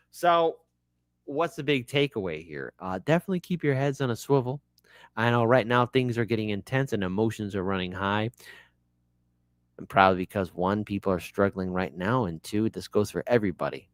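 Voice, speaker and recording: Lively, dry-voiced male commentator. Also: fairly low pitch, brisk, no room sound. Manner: animated, joking asides, repeats words when worked up. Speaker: show host and commentator. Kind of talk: casual news commentary.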